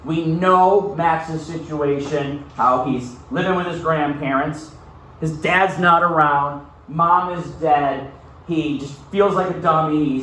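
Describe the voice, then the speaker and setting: A man's voice: fairly high pitch, fairly bright tone, slight background noise. A male teacher reads a novel aloud to his class and then talks it through in a casual way, often checking in with "okay?". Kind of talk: reading aloud and class discussion. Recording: very echoey room, far from mic.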